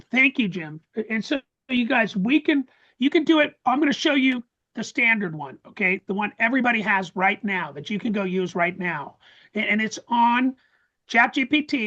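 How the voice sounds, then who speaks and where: A man presenting a live webinar, talking excitedly with many restarts and stammers over a video call. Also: sits high, muffled recording. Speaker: course presenter. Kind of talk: casual live webinar talk.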